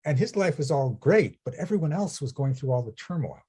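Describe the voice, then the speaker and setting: A man's voice: mid-range voice, expressive, a little fast, mellow, breathy edge. A man coaching a client, telling stories and often checking in with "right?". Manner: storytelling, asks "right?" often. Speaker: business coach. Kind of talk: coaching session.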